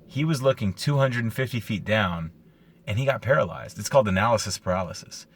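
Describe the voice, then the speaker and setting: A man's voice: on the low side, lively intonation, brisk, husky. A man hosting his own show, retelling a story casually and with animation, using lots of "like" fillers. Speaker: host.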